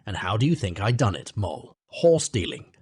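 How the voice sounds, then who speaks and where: Boastful excitable toad, read by a man; raised pitch, husky. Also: normal speed, dry recording, studio quality.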